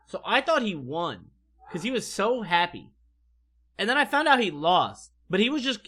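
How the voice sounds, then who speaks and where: Bright, animated, foul-mouthed male streamer. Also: high voice. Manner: animated, profane, rambling. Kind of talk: casual storytelling.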